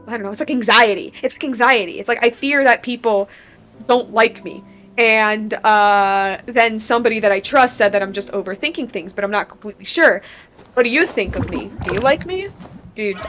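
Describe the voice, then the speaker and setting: A woman streamer chats casually about a game in a slightly high, somewhat bright voice. Her talk rambles candidly and is heavy with "like" as a filler.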